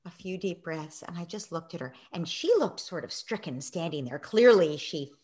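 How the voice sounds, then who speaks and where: Animated woman telling a lively story. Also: on the low side, moderate pace. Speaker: guest, parenting author. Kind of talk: storytelling in a conversation.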